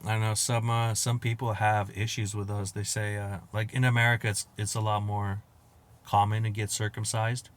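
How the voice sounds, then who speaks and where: A man hosting a podcast, riffing in a crude, profane monologue, laughing at his own jokes and acting out quotes with loud outbursts. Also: fairly low pitch, little pitch movement, normal speed. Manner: acts out quoted exchanges with sudden loud outbursts. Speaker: podcast host. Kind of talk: casual comedic monologue.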